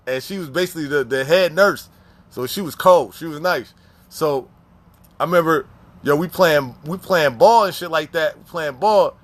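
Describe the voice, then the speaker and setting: A man casually telling prison stories in heavy profane slang, animated, with frequent restarts and repeats. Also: on the high side, normal speed. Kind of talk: casual storytelling.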